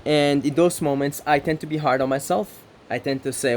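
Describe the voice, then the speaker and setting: A man's voice: on the high side, steady tone, brisk, a little hiss or hum. A man from the Middle East giving an earnest, reflective self-help monologue, often checking in with "right?" and building rhythmic lists. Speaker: spiritual self-help speaker.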